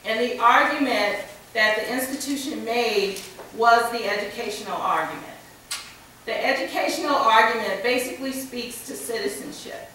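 An American woman giving a conference keynote, slightly under the weather with a cold, speaking in a deliberate, measured way with touches of dry humor. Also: a little high, sharp tone. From United States. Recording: echoey hall from far off, faint noise.

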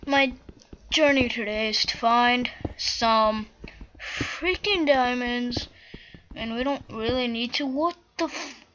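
Her voice leans high and unhurried as this gaming host talks casually over her gameplay. Every so often she gets flustered and bursts into panicked yelling; the mic sounds dull and lo-fi, with slight background noise.

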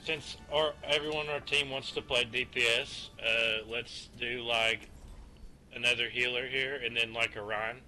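A man's voice: medium pitch, steady tone, moderate pace, sharp tone, rough recording. A man on voice chat during an online match, urging his teammates with exasperated pleas. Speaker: streamer. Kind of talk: gaming voice chat.

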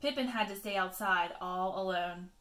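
A woman teacher reading a picture book aloud to children, expressive, with chatty asides to her pupils. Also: medium pitch, normal speed, echoey room.

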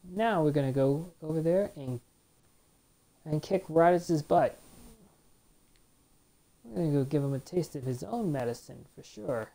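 A woman hosting a let's play, chatting loosely as she plays and retelling old scenes. Her voice is very low, mellow and dark. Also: lively intonation, unhurried, long pauses. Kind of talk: casual gameplay commentary.

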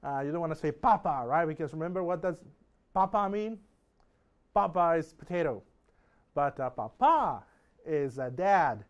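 A middle-aged man teaching a recorded beginner language lesson, friendly and chatty, stretching out words slowly when he models them. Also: fairly high pitch. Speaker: Spanish teacher. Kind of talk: recorded distance-learning lesson.

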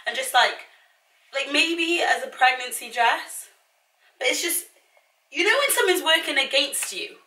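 A woman's voice: high voice, animated, unhurried, long pauses, sharp tone. A young woman in her twenties, chatting casually in a dramatic, self-mocking, exasperated way while trying on clothes at home. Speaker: vlogger. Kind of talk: casual try-on haul chat. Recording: echoey room, mic at a distance.

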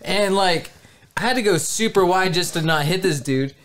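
A man's voice: sits high, moderate pace, very noisy. A young man cohosting a podcast who tells his story in casual chat and keeps laughing as he goes. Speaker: podcast co-host.

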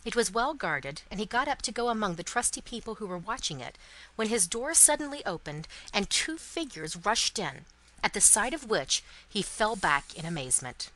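A woman narrating a classic novel in an expressive, dramatic storybook reading for English learners. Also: mid-range voice, moderate pace, poor audio.

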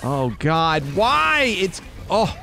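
A man's voice: mid-range voice, sing-song, slow, creaky, slight background noise. A man giving live gameplay commentary, swinging between frantic yelps and muttered groans. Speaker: gameplay streamer.

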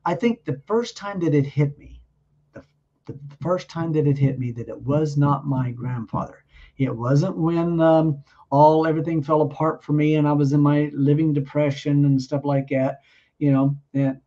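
A man giving his personal testimony in an earnest, halting way, often restarting his sentences. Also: fairly high pitch, steady tone, dark tone, dull audio.

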